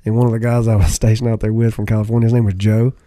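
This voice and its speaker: A man's voice: fairly low pitch, flat delivery, racing, warm tone, dry recording, studio quality. A man from Texas, a former serviceman, telling an easygoing story in a casual chat. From Texas, USA.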